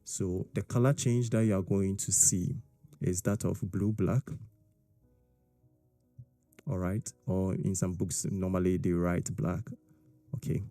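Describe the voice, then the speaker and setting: Man, low voice, very dark mellow tone, science teacher explaining step by step. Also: takes it slowly, pauses often, no echo, faint music behind. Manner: steady explaining, with frequent "all right?" and "okay?" checks. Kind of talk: explaining a lesson.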